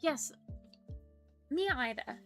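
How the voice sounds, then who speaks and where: A woman's voice: high-pitched, expressive, very slow, a bit bright, soft background music, exaggerated voice. A woman voicing a prim, polite persona who reads live-stream chat aloud and apologizes often. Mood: prim chatty. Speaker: stream co-host reading chat.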